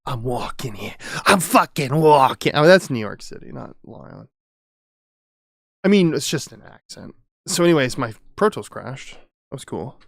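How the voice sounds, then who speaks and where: A man's voice: mid-range voice, very animated, moderate pace, creaky, pauses often, dry recording. A man chatting casually on a live stream from his home studio, rambling and swearing freely while talking to viewers. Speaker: streamer and audio engineer. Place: home studio with sound panels.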